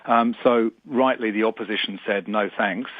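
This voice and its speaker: A man phoning in to a talk radio show, speaking in a measured way with frequent repeated words. His voice is on the low side and comes through a thin, tinny phone line. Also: fairly even intonation, dry recording. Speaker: phone-in guest, climate sceptic blogger. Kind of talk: radio interview over the phone.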